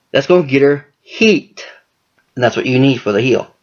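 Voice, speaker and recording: A man's voice: medium pitch, animated, a little fast. A man talking casually and profanely about wrestling storylines, rambling with lots of cursing. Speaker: wrestling fan commentator. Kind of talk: casual monologue. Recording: dull lo-fi recording.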